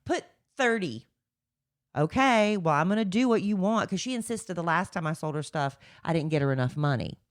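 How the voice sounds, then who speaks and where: A woman's voice: low voice, fast, few pauses. A middle-aged woman, co-hosting a podcast, chatting in a rambling, defensive way. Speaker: podcast co-host. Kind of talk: casual chat.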